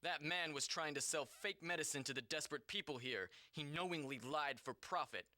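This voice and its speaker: A man's voice: on the high side, a little fast, sharp tone, no room sound, clean studio sound. A man reading as a stern plains warrior. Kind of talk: reading game dialogue aloud on a stream.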